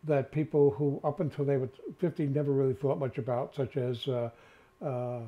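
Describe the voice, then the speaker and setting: A man's voice: medium pitch, flat delivery, a little fast. An older man with a New York accent, co-hosting a casual chat, rambling with many filler sounds. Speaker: co-host. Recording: dull lo-fi sound.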